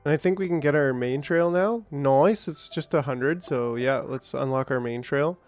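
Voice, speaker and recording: A man's voice: mid-range voice, moderate pace, soft background music. A man casually rambling through a game stream, reading patch notes and greeting chat viewers by name. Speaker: gaming streamer. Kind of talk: casual let's-play commentary.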